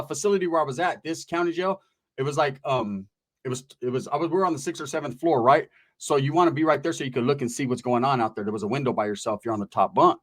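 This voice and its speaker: A man from Northern California telling a casual story, animated and profane, acting out the voices of the people in it. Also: on the high side.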